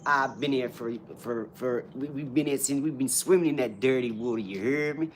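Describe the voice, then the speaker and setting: A man's voice: medium pitch, moderate pace, slight background noise, natural voice. A man putting on a brash young American street guy who drawls and keeps repeating a catchphrase. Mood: boastful.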